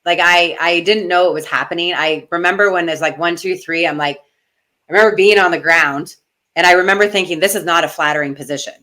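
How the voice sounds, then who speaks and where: A woman's voice: on the low side, a little fast, pushed and bright. A middle-aged woman talking in a casual interview, emotional and gushing, close to tears at times. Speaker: guest, retired wrestler.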